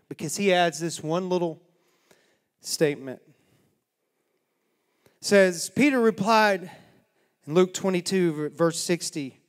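A male pastor preaches in a slow, deliberate way and tells the story dramatically with a folksy touch. His somewhat high voice carries the long reverb of a church sanctuary. He speaks with a preacher's dramatic pauses. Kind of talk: sermon.

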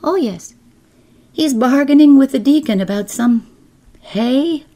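A woman's voice: high voice, expressive, measured pace, warm tone, voice pushed up. A woman voicing a whining, gossipy older village woman with a rural New England accent, rambling on in a storybook reading. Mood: chattering. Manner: whining, rambling, self-pitying.

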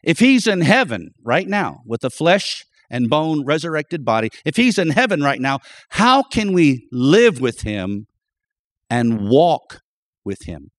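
A man's voice: on the high side, big pitch swings, a little slow, no echo. A man preaching a sermon as pastor, emphatic, repeating key phrases and calling out to the congregation for an amen.

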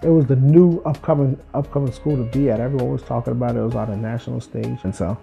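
A man's voice: medium pitch, quick pace, creaky, dull audio, soft background music. A man in his twenties from New Jersey, a former college football player, reflecting on his life and acting out what others said to him. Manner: acts out quoted people with lively voices. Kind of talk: reflective personal storytelling.

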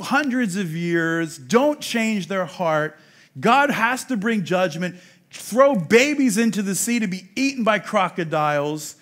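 A man with a strikingly high voice delivers a sermon to a congregation. He preaches with emphasis, asks the room rhetorical questions, and moves between hushed passages and loud, forceful ones. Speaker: rabbi.

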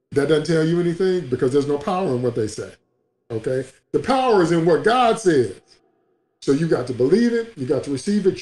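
A man's voice: on the high side, darkish tone, echoey room. A man preaching a sermon as a pastor, emphatic and repetitive, in a livestream broadcast.

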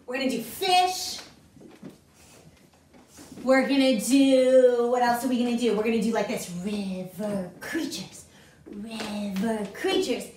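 Woman dance teacher with a high, bright voice, cheerful and encouraging, calling counts and chants to young dancers. Recorded from across an echoey room with music playing. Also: takes it slowly, far from the mic, slight background noise. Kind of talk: leading a children's dance class.

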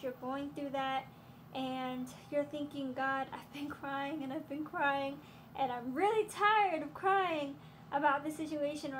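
Host, woman, high-pitched, earnest faith encouragement to camera. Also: slight background noise. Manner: earnest, repeats phrases, sprinkles "um" and "hallelujah"; breaks briefly into song. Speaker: host giving a prophetic encouragement. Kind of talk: casual spiritual encouragement to camera.

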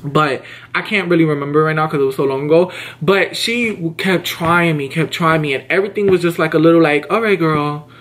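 A young man telling a casual storytime to camera, slangy and emphatic, often jumping his pitch up high to act out what people said. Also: brisk. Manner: animated, slangy and emphatic, acts out quotes with big pitch jumps. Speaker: vlogger.

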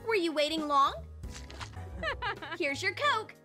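A woman's voice: extremely high pitch, very animated, takes it slowly, heavily acted. A woman voicing a sneaky, meddling young woman in an overdubbed prank clip, with a sing-song, theatrical delivery. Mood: scheming sweet. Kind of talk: overdubbed prank-video dialogue. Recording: voice over loud background music. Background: music.

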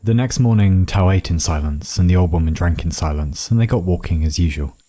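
A man narrating a fairy tale in a measured, dramatic reading. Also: low-pitched, background noise. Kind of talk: storytelling narration.

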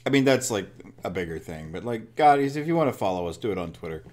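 A man co-hosting a casual movie podcast, his low voice swinging up and down as he talks. He chats loosely and reads film quotes aloud, laughing along the way. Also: lively intonation, fast, darkish tone. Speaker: podcast co-host. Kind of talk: casual chat about movies.

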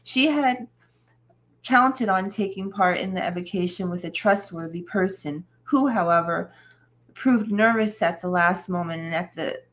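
A woman's voice: mid-range voice, measured pace, a bit bright. A woman co-hosting a live show, reading a book aloud steadily with occasional stumbles.

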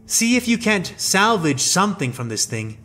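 A man's voice: high-pitched, very animated, normal speed, bright, forceful tone, soft background music, voice pushed up, exaggerated voice. A man voicing a young female alien warrior who is firm, commanding and dryly witty.

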